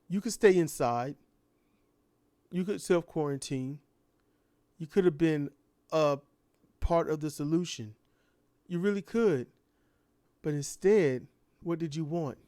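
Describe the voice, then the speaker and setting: A man's voice: fairly high pitch, mellow, dry recording. A man delivering an impassioned ranting monologue full of repeated rhetorical questions. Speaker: commentator.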